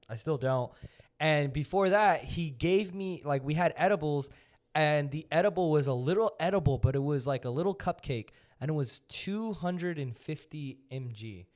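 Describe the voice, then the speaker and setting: Young man, podcast host, slightly high voice, animated storytelling, casual. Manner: chatty, animated storyteller, frequent fillers.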